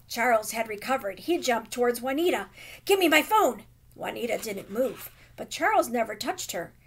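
A woman teacher reading a children's novel aloud with expressive, dramatic emphasis. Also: fairly high pitch, creaky, husky.

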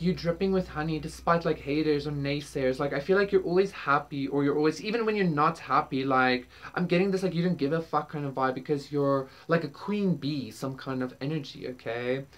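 A tarot reader gives a casual spiritual reading to camera, rambling with lots of fillers and some casual swearing. Her voice sits low, and she talks fairly quickly with hardly any pauses.

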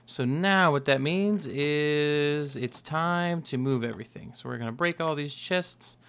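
A man's voice: fairly high pitch, measured pace, a bit bright, smooth. A young man giving casual, rambling commentary while playing a building game, joking and correcting himself as he talks. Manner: rambling, self-correcting, jokey. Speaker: gaming YouTuber. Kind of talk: casual Minecraft let's play commentary.

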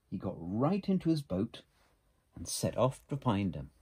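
Middle-aged guy reading a kids' picture book, super breathy husky voice, goes way up and down. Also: lowish voice, unhurried. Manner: gentle, expressive. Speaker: storybook reader.

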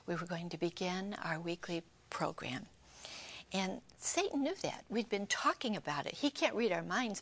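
A woman's voice: mid-range voice, fairly bright tone. An older woman co-hosting a Christian television program, giving a heartfelt personal testimony and often dropping to an unvoiced whisper.

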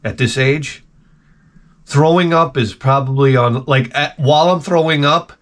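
A man's voice: a little high, measured pace, a bit bright. A middle-aged man telling rambling, self-mocking stories with casual swearing as a video host.

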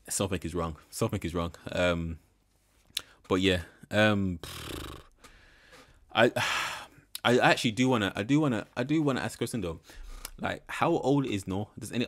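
A young man giving rambling, frank commentary in a casual reaction video. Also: sits low. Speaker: reaction channel host.

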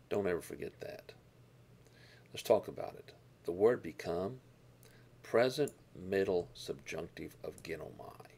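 A man teaching a Bible lesson, explaining verses and Greek words with deliberate emphasis on key words. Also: sits low, expressive, creaky, darkish tone, husky.

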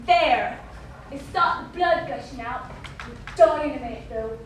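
A woman's voice: sits high, measured pace. An actress playing a bossy little girl who mocks and taunts another child in a sing-song way. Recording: echoey stage from far off with hiss.

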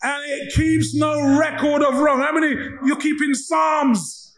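A man, preaching a sermon as pastor and telling stories in an animated way, acting out the dialogue. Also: very high-pitched, unhurried, shouting, low-quality recording.

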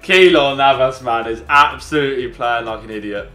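A man commentating a football video game match with a friend, excitable and laughing, shouting when goals go in. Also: medium pitch, normal speed. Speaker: gaming YouTuber. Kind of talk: excitable casual gaming banter. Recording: roomy echo with game music behind.

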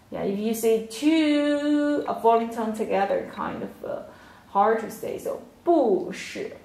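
A woman with a Chinese accent teaching a language lesson, speaking slowly and patiently and repeating words and tones aloud. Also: mid-range voice, creaky, reverberant, poor audio.

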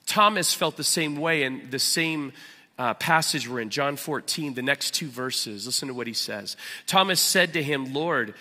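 Bright-toned pastor preaching with church reverb. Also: male voice, mid-range voice, normal speed. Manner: earnest storytelling, animated. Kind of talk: sermon. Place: church sanctuary.

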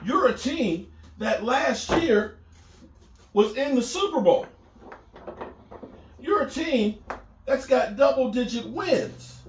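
A middle-aged man talks sports in a loose, rambling monologue, circling back and repeating phrases. His voice sits high for a man and swings widely up and down. The sound is roomy, with a noticeable echo. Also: slow pace, long pauses, noisy background. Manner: animated, repetitive, conversational. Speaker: sports commentator. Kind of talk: casual sports talk monologue.

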